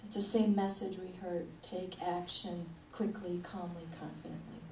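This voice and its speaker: A woman's voice: lowish voice, steady tone, moderate pace, mellow. A woman spiritual leader giving a conversational sermon, chuckling often as she talks. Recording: echoey hall, mic at a distance, faint noise.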